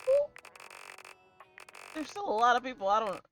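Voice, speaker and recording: A woman streamer giving live gameplay commentary, expressive, swearing often and laughing a lot. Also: on the high side, moderate pace, faint music behind.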